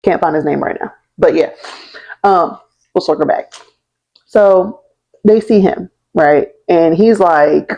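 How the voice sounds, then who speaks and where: Chatty young woman, low voice, slangy storyteller. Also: takes it slowly, long pauses, mellow, highs cut off. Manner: chatty and slangy, often checking in with "right?" and "okay?"; laughs through the telling. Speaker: history vlogger. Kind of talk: casual storytelling.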